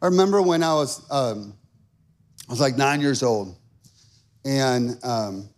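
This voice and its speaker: A man's voice: mid-range voice, lively intonation, unhurried. A man in his thirties preaching a sermon, telling stories with lots of fillers and building to emphatic calls. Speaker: pastor.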